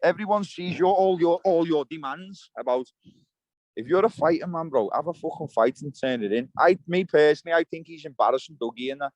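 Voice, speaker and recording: A man's voice: a little high, brisk, darkish tone, dry recording, rough recording. Blunt, swearing man. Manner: blunt, swearing straight talker. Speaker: interview guest. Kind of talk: heated interview rant. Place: outdoors by water, fishing.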